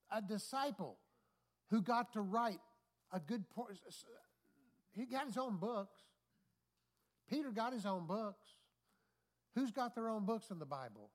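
A man's voice: high-pitched, animated, normal speed, pauses often. A man, a pastor, preaching a sermon with repeated phrases and call-and-response asides. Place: church.

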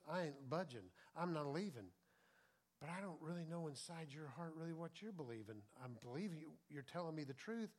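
Pastor, male, high-pitched, folksy sermon delivery with quiet-to-loud swings. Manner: swings between soft confiding and loud preaching; folksy and conversational.

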